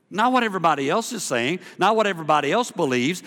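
Middle-aged man preaching, animated, acts out voices, bright forceful tone, slightly high voice, reverberant church hall. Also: quick pace, hardly any pauses. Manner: animated, acts out quoted voices, rising to loud emphasis. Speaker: pastor. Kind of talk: sermon. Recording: long reverb of a large hall.

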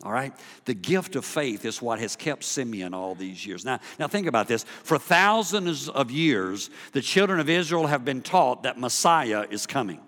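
A middle-aged man preaching a sermon as pastor, animated, acting out the voices of the people in his story and rising to loud emphasis. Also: medium pitch, normal speed, few pauses. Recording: long reverb of a large hall.

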